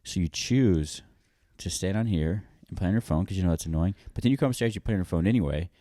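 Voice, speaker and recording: Deep-voiced man ranting playfully. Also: quick pace, dry recording, clean studio sound. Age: 30s. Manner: animated, exaggerated complaining. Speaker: podcast co-host. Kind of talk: casual couple banter.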